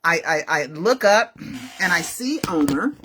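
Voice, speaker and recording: A woman's voice: fairly low pitch, lively intonation, a little slow, fairly bright tone, slight background noise. A woman telling a story to her viewers in a casual, chatty way, often checking in with "right?" and "okay?". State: feeling unwell.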